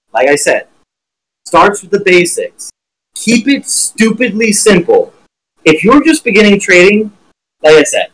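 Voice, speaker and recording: A man teaching trading on a live stream with blunt, profane, animated talk while sharing his screen. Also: sits high, rough recording.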